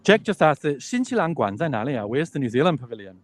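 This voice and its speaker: A man with a slightly raised pitch walks through an enormous indoor exhibition hall on a live stream. He films on a handheld phone and chats loosely with his viewers. He laughs easily and wonders aloud about what he sees. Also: sing-song, fast. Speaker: vlogger touring an expo. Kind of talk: casual live walking tour. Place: huge indoor expo hall.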